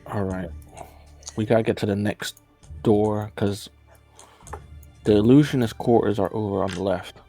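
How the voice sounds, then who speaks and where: Low-voiced man, playful tabletop player. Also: fairly even intonation, moderate pace, long pauses, warm tone. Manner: playful, urging the group on. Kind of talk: casual tabletop play. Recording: faint music behind.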